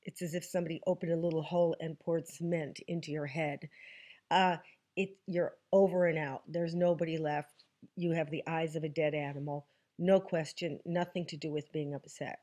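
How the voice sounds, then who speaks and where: A woman's voice: sits low, fairly even intonation, moderate pace, darkish tone. A woman hosting a casual to-camera question segment outdoors, talking in a wry, joking way with emphatic asides. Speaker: host answering viewer questions. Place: outdoors in the countryside.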